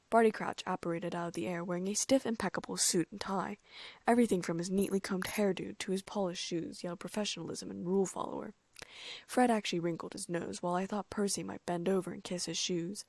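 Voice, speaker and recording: A woman reading a fan-fiction audiobook aloud in a brisk, lively first-person storytelling manner. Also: lowish voice, gravelly, no room sound. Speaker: audiobook narrator.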